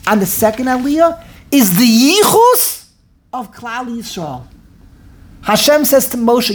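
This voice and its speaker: Woman Torah teacher, animated and expressive, acts out the dialogue, repeats lines for emphasis, voice swoops widely. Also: on the high side. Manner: acts out dialogue in quick back-and-forth voices, with repeated phrases and laughs. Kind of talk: animated Torah class on the weekly portion.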